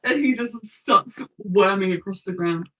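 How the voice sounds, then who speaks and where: A woman's voice: medium pitch, unhurried, far from the mic, low-quality recording. A woman narrating as game master for a tabletop game, chatty and giggly.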